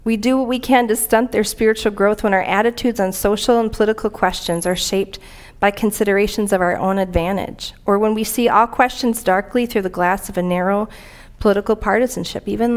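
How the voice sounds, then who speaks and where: A woman's voice: medium pitch, fairly even intonation, fairly quick. A woman preaching a conversational sermon in a church, earnest and plain-spoken, reading aloud from scripture and a commentary.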